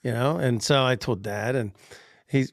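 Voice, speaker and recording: A man on a podcast telling a workplace story in casual chat, animated, laughing often and acting out the people he quotes. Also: mid-range voice, moderate pace, creaky, dry recording, studio quality. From Pennsylvania.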